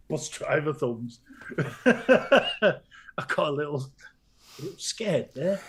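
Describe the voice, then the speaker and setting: A man co-hosting a casual live stream, playfully greeting chat viewers by name with bursts of loud laughter. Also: on the high side, slight background noise.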